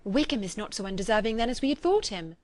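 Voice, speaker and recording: A woman reading a gentle, hopeful young woman. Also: mid-range voice, expressive, fast talker, dry recording, lightly acted.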